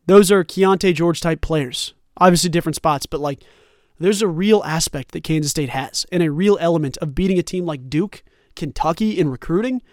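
This sports podcast host is a young man with a fairly high voice who talks at a normal speed. He rambles through casual, lively commentary with plenty of asides, and the sound is clean studio audio with no room sound.

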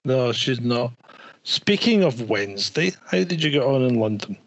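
A man's voice: medium pitch, expressive, moderate pace. A man chatting casually as co-host, telling stories with amusement over a remote call. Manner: storytelling, amused. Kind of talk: casual chat.

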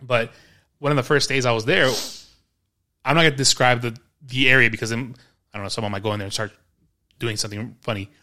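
A man's voice: mid-range voice, fairly even intonation, quick pace, long pauses, sharp tone. A man in his thirties, co-hosting a podcast, telling stories in casual chat and acting out his own past reactions. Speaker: podcast co-host.

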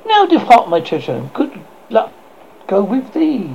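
A man voicing a cackling old witch woman who dotes on her creation, in a sharp high tone, on a dull lo-fi recording with faint noise. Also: huge pitch swings, a little slow, vocal fry, breathy edge, full character voice. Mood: doting.

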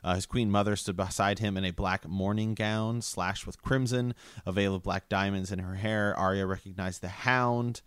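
Guy with a really deep smooth voice reading a book out loud, stops and restarts a lot, dry sound. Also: fairly even intonation, moderate pace, few pauses, dry recording. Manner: hesitant reading with fillers and restarts. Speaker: co-host reading a novel aloud. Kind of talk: casual book discussion with read-aloud passages.

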